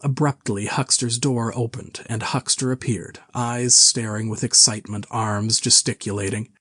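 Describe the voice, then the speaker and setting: A man reading a classic novel aloud with measured, even storytelling. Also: medium pitch, breathy edge, no room sound, studio quality. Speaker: narrator. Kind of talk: scripted narration of a classic novel.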